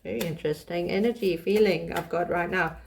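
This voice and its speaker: A woman's voice: fairly low pitch, brisk, vocal fry, a little hiss or hum. Chatty woman giving a tarot reading. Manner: chatty, restarts often, laughs while reading. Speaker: tarot reader. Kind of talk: casual tarot reading to camera.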